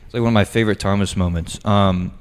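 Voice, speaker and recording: A man's voice: fairly low pitch, steady tone, fast talker, a little hiss or hum. A young man co-hosting a podcast, speaking casually and hesitantly, full of fillers and trailing thoughts. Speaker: podcast co-host. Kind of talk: casual chat.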